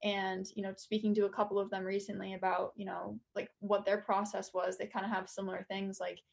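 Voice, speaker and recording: An earnest young woman chats as a guest on a sports podcast, her voice holding to a narrow, even pitch. She speaks casually, leaning on filler words as she talks about her game. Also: fairly quick, creaky. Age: young adult. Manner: earnest, chatty, many "like" fillers. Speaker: college soccer captain and center back, guest.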